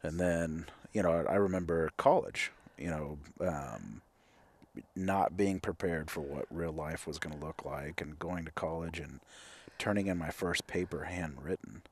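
A man with a very deep, husky voice talks candidly as the host of a conversation. He sounds reflective and often restarts his sentences with fillers. He comes across as a man in his thirties. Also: unhurried. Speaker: clinical counselor and host.

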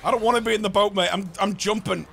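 High, gravelly man gaming. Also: steady tone, quick pace, a bit bright, slight background noise. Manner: swears a lot, says "mate" constantly. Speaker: gamer. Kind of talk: casual gaming banter.

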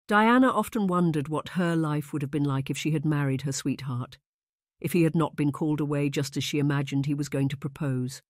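A measured audiobook narrator telling a romance story in a steady, mid-range voice. The sound is close and dry, with no room around it. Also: mid-range voice, no echo. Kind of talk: scripted narration.

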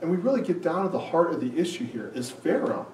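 Male pastor, high and expressive delivery, heard from a distance in a reverberant hall, faint room noise. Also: quick pace. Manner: animated preaching, acts out quoted lines. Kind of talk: sermon. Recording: echoey room, mic at a distance.

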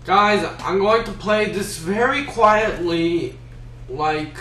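Goofy guy yelling over a game, high bright voice bouncing all over, sounds far from the mic. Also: expressive, slow pace, roomy sound, slight background noise. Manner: goofy, shouty, mock-panicked. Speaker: gameplay commentator. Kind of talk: comedic gameplay commentary.

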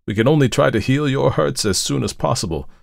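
Kindly, fretful old priest, voiced by a male narrator, higher pitched and anxious, slightly gravelly. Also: fairly quick, dry recording, studio quality. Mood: distressed, apologetic. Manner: anxious and pleading. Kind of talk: storybook narration.

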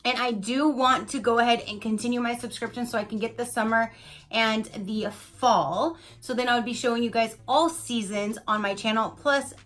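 A woman's voice: on the high side, fairly even intonation, moderate pace, fairly bright tone, soft background music. A woman reviewing an unboxing in a gushing, chatty way and addressing her viewers directly. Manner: gushing, chatty, many "like"s and "you guys". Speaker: unboxing vlogger. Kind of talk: casual product review.

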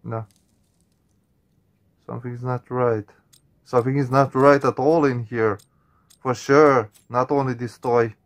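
A man with a gravelly, mid-range voice talks his viewers through a horror game. He sounds nervous and on edge, swearing often and tacking man and guys onto his lines as he reacts. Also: medium pitch, steady tone, unhurried, pauses often. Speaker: gaming channel host.

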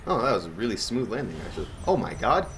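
A man's voice: lowish voice, sing-song, fast, vocal fry, background noise. A man giving goofy, rambling gameplay commentary and talking to himself as he plays. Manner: goofy, rambling, talks to himself while playing. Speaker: gaming channel host.

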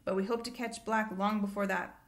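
A flustered, pompous middle-aged minister who turns evasive under questioning, as a woman puts him on while reading a storybook aloud. He grows loud and rattled when he talks about the past. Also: medium pitch, fairly even intonation, a little fast, lightly acted. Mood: solemn.

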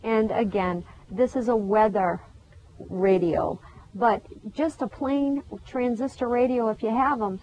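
A woman's voice: a little high, steady tone, measured pace, a little mellow. A woman, hosting a gardening show and chatting casually with a guest outdoors. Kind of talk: casual chat. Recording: dull lo-fi sound with faint background noise.

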